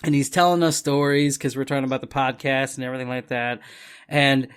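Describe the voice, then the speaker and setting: A man's voice: mid-range voice, little pitch movement, a little fast, clean tone. A man hosting a podcast, telling a rambling trip story with frequent laughs and swearing. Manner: laughs often, swears freely, rambling anecdotes. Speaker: podcast host. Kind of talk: casual storytelling chat.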